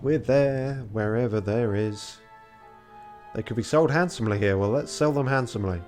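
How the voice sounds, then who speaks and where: A man's voice: mid-range voice, moderate pace, a little mellow, faint music behind. A tired man streaming a game, reading its text aloud and making wry, muttered asides.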